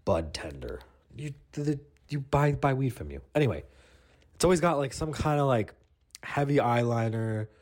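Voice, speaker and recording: A man's voice: mid-range voice, animated, normal speed, darkish tone. A young man hosting a comedy podcast, telling a rambling, profane story full of restarts and "you know what I mean".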